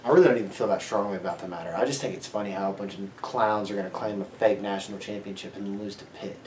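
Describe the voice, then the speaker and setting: A young man co-hosting a sports podcast, ranting loudly with plenty of swearing. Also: fairly low pitch, steady tone, fast talker, reverberant, a little hiss or hum. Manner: brash, ranting, heavy swearing. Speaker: podcast co-host. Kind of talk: profane sports podcast banter.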